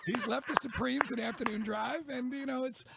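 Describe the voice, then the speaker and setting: A man co-hosting a sports talk radio show from a studio, bantering quickly with stammering restarts. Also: extremely high pitch, steady tone, vocal fry, very noisy.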